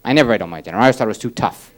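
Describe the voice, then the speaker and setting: A man from Massachusetts, a stand-up comedian telling stories with wry, deadpan asides. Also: on the low side, rapid-fire. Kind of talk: stand-up routine and talk-show chat. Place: comedy club stage with live audience. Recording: 1980s cable TV audio, audience and hiss.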